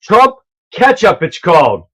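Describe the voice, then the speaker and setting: Male livestream host, pitched a bit high, loud and rambling. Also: wildly swooping pitch, a little slow, poor audio. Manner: loud, rambling, laughs at his own clips. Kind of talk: casual livestream commentary. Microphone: earpiece mic.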